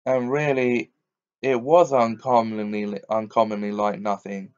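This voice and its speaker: A man reading a children's novel aloud as audiobook narration in a measured, deliberate way. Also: lowish voice, little pitch movement, smooth. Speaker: audiobook reader. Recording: dull lo-fi recording.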